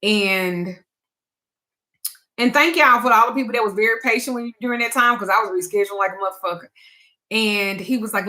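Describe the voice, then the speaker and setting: A woman's voice: medium pitch, normal speed, pushed and bright. A woman speaking to her audience as a spiritual advisor and tarot reader, frank and emphatic, with blunt swearing. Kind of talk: candid talk to camera.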